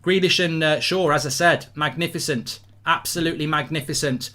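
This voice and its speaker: A middle-aged man from England hosting a live football watchalong, talking excitedly and breaking into chants and songs. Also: a little high, a little fast, few pauses. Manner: exuberant, chanting and singing between rants. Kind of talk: excited live match reaction.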